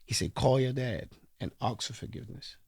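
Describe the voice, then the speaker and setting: A man from London, a guest in an interview, telling a heartfelt story and rising to animated bursts when he stresses a point. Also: medium pitch, fairly quick, vocal fry, breathy edge, no echo, clean studio sound. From London, England.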